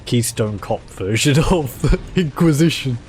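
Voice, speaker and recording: A man gives casual, rambling commentary while playing a strategy game. He speaks at a medium pitch, tossing in jokey asides. Faint game music plays behind him. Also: animated, measured pace, darkish tone. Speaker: gameplay commentator.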